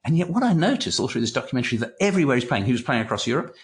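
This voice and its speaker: An older man, a retired clinical psychologist, chatting as an interview guest and telling animated anecdotes, often repeating words and swearing. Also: medium pitch, rapid-fire. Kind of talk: casual interview storytelling.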